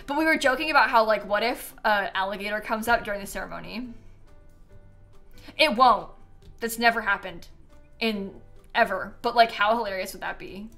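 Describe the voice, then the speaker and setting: A woman's voice: medium pitch, normal speed, pauses often, sharp tone, faint music behind. A young woman from Florida, a streamer chatting casually while she plays, rambling and laughing often. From Florida, USA. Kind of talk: casual chat while playing a game.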